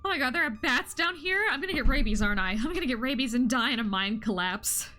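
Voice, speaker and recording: A woman's voice: a little high, very animated, brisk, a bit bright, faint music behind. A woman voicing a bossy, protective store-owner older sister in a visual novel, with an exasperated scolding manner. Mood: nervous.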